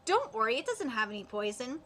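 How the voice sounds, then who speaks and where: A woman's voice: on the high side, sing-song, brisk, fairly bright tone, pitched below the performer's own voice. A woman reading the part of a sly, teasing male exorcist aloud, stumbling over words with frequent fillers. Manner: read aloud with hesitant fillers.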